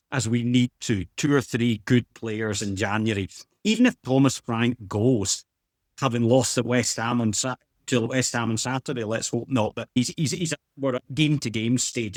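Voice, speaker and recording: A man's voice: medium pitch, no room sound. Guy on a footy podcast, pushy, keeps restarting, dry mic. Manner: insistent, repeats and restarts. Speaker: podcast co-host. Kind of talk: casual football chat.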